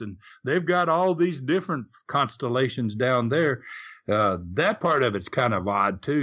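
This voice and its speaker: A man's voice: mid-range voice, fairly bright tone. Older man with a Southern US drawl. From Southern United States. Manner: rambling storyteller with repeated restarts. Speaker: retired wrestler guest. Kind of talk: casual reminiscing interview.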